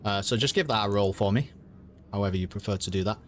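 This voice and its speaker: A man's voice: lowish voice, fast talker, fairly bright tone, slight background noise. A man running an online tabletop game as game master, explaining rules patiently with frequent ums and restarts.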